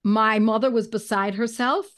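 A woman guest in an interview, telling a personal story in an animated way and clearing her throat now and then. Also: on the high side, moderate pace. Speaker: guest, homeopathy educator.

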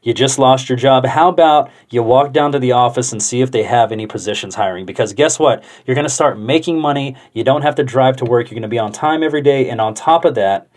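A young man talking casually to the camera, rambling and thinking out loud with loose swearing. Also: mid-range voice, fast talker, few pauses. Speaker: vlogger.

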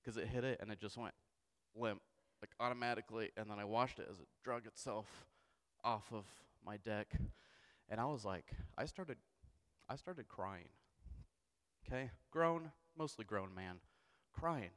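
A young man preaching a sermon, telling a comic story with animated, self-mocking delivery and frequent asides of "okay?". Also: on the low side, measured pace. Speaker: pastor. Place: church sanctuary. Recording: long church hall reverb.

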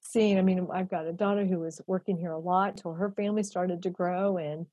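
A woman in her fifties, a guest and executive director, telling a heartfelt story in an animated, emphatic way that often repeats itself. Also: on the low side, fairly quick, dry recording, dull audio.

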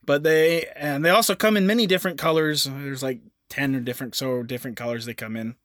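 A man co-hosting a podcast in casual chat, easygoing and halting with frequent restarts. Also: medium pitch, steady tone, a bit bright, no echo, studio quality. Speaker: podcast co-host.

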